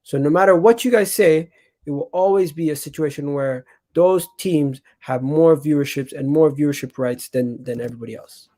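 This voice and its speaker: A man hosting a live football stream, talking to his chat in an animated, emphatic way and often repeating himself. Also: a little high, moderate pace. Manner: chatty, addresses chat directly. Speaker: football channel host.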